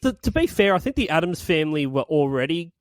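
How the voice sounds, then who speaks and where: A man hosting a comedy podcast, chatting loosely and breaking into laughter between thoughts. His voice sits a little high and swings up and down a lot. The sound is close and dry, with no room around it. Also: very animated, quick pace, dry recording. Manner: laughs often, talks through song lyrics. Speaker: podcast host. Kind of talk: casual comedic chat.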